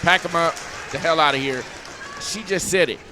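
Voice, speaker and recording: A man's voice: fairly high pitch, normal speed, a crowd in the background, noisy background. A man hosting a casual reaction video, joking crudely and rambling as he comments on clips.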